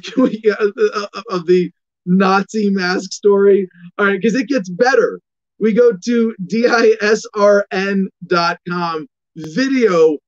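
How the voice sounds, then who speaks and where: A man's voice: sits high, dull audio. A man hosting an opinion commentary show, ranting sarcastically with lots of restarts and filler words. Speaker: host.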